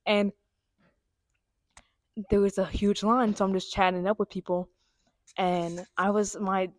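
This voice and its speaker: A young woman co-hosting a casual chat, telling stories with dramatic, excitable reactions. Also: medium pitch, unhurried, no room sound, studio quality. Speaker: podcast co-host.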